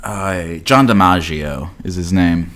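A man's voice: deep voice, slow pace, fairly bright tone. A man co-hosting a podcast in casual chat, blunt and profane, with plenty of fillers. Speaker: podcast co-host.

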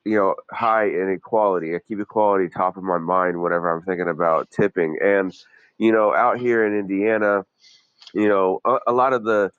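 A man with a deep voice, rambling through joking banter with frequent restarts. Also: steady tone, normal speed, smooth, no room sound, narrow, tinny audio. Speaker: podcast co-host. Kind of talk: casual comedic chat.

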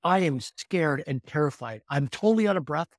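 A man in his fifties, a podcast guest telling his story with energetic, animated delivery. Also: fairly high pitch, moderate pace, dry recording, studio quality. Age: 50s. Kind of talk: storytelling in conversation.

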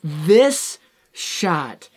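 A man's voice: a little high, sing-song, extremely slow. A man in casual chat about a film, retelling scenes animatedly and acting out the characters' lines. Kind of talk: casual movie discussion.

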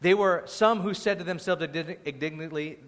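A man preaching a sermon as the pastor, animated, acting out quoted voices, moving between loud bursts and quiet asides. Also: fairly high pitch, brisk. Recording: long hall reverb.

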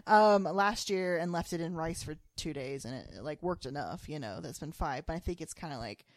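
A young adult woman co-hosting a podcast in casual chat, animated and giggly, filling her talk with "like". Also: low voice, normal speed, no room sound, studio quality. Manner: animated, giggly, lots of "like" fillers. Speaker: podcast co-host.

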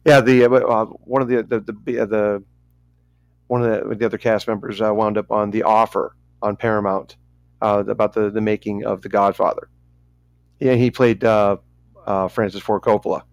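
A man's voice: fairly low pitch, level tone, normal speed, no room sound. A man co-hosting a casual podcast chat, rambling, stumbling over names and making self-mocking asides. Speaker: podcast co-host.

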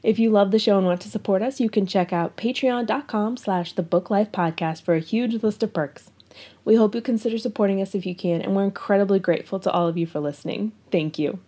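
A woman co-hosting a book podcast, reading the intro and chatting in a relaxed, friendly way. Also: medium pitch, brisk. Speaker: podcast co-host.

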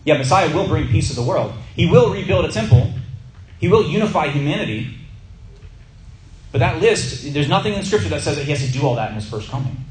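A man teaching to a small group in a sermon style, telling a personal story and slowing down to stress key words. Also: a little high, lively intonation, a little mellow, echoey room, a little hiss or hum, rough recording. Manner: conversational, stretches key words slowly for emphasis.

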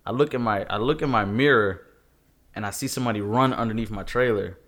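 A man, a truck driver, telling road stories in casual podcast chat, animated and laughing. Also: fairly low pitch, fast.

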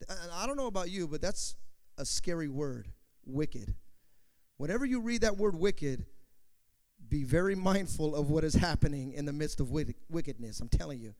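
Animated, high-voiced male preacher. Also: moderate pace. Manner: animated preaching, swings from loud to hushed; talks to the congregation directly. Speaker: pastor. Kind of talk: sermon.

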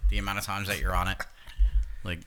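A man's voice: low-pitched, little pitch movement, fast talker, a bit bright. Sarcastic, teasing young man. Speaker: podcast co-host. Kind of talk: crude casual podcast banter.

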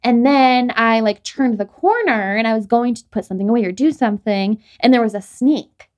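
A young adult woman with a fairly high, darkish-toned voice hosts a podcast at normal speed. She tells stories in a rambling, casual chat, packed with fillers like "like" and frequent restarts.

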